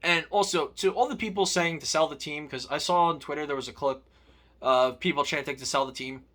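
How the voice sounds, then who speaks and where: Bright-voiced man in a profane rant. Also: fairly high pitch, a little fast. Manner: angry, profane, emphatic. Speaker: sports vlogger.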